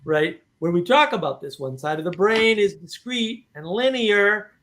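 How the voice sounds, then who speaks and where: A man hosting a casual discussion, animated and talking in bursts with many "right?" asides. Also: high voice, moderate pace. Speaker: host.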